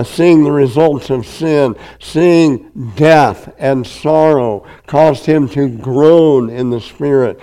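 A male pastor preaching a sermon, reading scripture aloud and pressing each point with emphatic, drawn-out phrasing. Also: mid-range voice, warm tone, poor audio.

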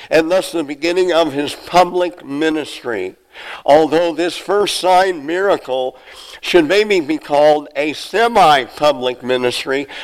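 A man's voice: fairly high pitch, low-quality recording. Earnest pastor, a man preaching. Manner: earnest preaching with rhetorical questions to the congregation. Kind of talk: sermon.

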